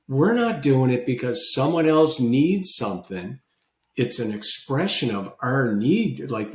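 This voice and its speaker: A man, a guest on a podcast, telling a personal story about gratitude with animated, lively swings in his voice. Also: roomy sound. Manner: animated storyteller, voice leaping high when recalling his own past disbelief.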